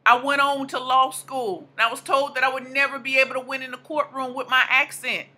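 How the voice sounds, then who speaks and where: A woman's voice: high-pitched, little pitch movement, brisk, bright, forceful tone. A woman in her thirties giving a motivational speech, emphatic and repeating lines for punch. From American South / Midwest. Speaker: motivational speaker.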